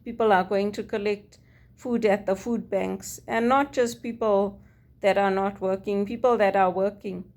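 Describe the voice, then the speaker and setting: A woman's voice: mid-range voice, steady tone, moderate pace, darkish tone. Weary Zimbabwean-born woman telling her story. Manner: earnest, weary storytelling with quoted dialogue. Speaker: vlogger. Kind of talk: personal monologue.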